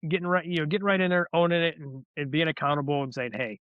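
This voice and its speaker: A man's voice: a little high, fairly even intonation, fast talker, smooth, no room sound. A man telling a candid personal story in an interview, rambling and restarting his words as he goes. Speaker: guest, former soldier turned wellness advocate. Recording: dull lo-fi audio.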